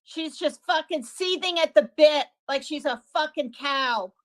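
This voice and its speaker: A woman's voice: high voice, unhurried, fairly bright tone. A woman on a stream panel making sarcastic, swearing remarks while a voicemail plays. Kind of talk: live stream commentary.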